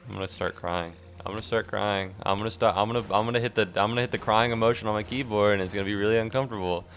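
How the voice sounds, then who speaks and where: A man giving rambling, jokey commentary while streaming a game, breaking into squeaky outbursts. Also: steady tone, rapid-fire, fairly bright tone, faint music behind. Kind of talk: casual gaming commentary.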